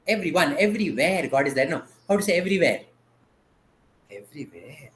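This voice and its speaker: Patient dance teacher. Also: male voice, a little high, very animated, brisk, fairly bright tone, echoey room. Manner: patient, asks questions and has students repeat terms. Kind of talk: online class, call-and-response teaching. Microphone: video call.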